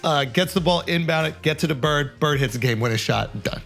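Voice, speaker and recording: A man telling a sports story with a quick, building delivery, checking in with listeners as he goes. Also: a little high, creaky, a bit bright. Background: music.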